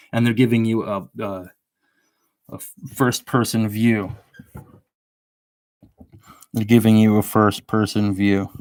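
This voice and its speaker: A man's voice: lowish voice, a little mellow, no room sound. A man hosting a live show, rambling with sardonic asides while he draws. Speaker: show host. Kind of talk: rambling live-stream commentary while drawing.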